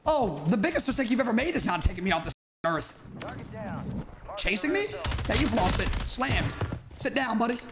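A young-sounding man with a strikingly high voice taunts his rivals in a cocky, sing-song way. He boasts and jeers as he plays. Gunfire from the game rattles clearly behind him. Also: very animated, normal speed, noisy background. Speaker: streamer. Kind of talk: trash-talking gameplay commentary.

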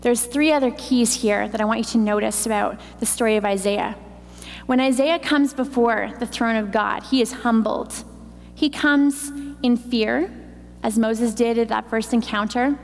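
A woman's voice: a little high, measured pace, vocal fry. A woman preaching a sermon in a church, teaching with emphatic repetition. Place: church hall. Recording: long hall reverb, faint noise.

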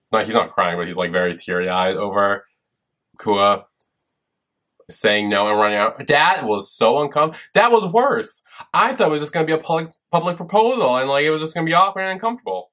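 A man's voice: mid-range voice, a bit bright. A man hosting a reaction video, giving flustered, groaning running commentary with frequent swearing, recorded on his own camera at home.

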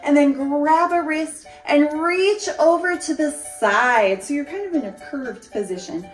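In an unhurried, high-pitched voice, a woman cheerfully coaches families through a kids' yoga flow, breaking into song for some cues. Music runs under her, and the far-off mic makes the room sound spacious.

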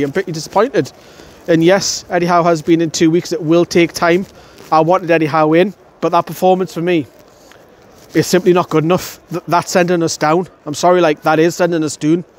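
Young man, furious fan reaction outdoors, blunt and sweary, voice sits a touch high. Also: fairly even intonation, a little fast. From North East England. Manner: angry, blunt, swearing, repeats himself. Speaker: fan channel presenter. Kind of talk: post-match fan reaction. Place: outdoors outside a stadium, wet weather.

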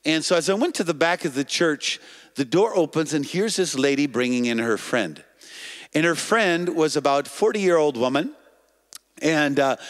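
A man preaching a sermon, telling a healing story in an animated way and calling out to the congregation. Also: on the high side. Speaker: evangelist preacher. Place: church or TV broadcast stage.

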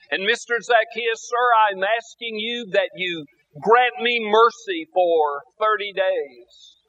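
A man's voice: sits high, pushed and bright, full character voice. A preacher voicing a humble, desperate blind old man who pleads for mercy, on a dull lo-fi recording.

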